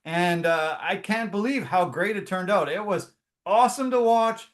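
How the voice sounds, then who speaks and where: High-voiced man telling sports stories. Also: normal speed. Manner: animated storyteller, acts out quotes. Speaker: sports podcast co-host. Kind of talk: casual sports talk.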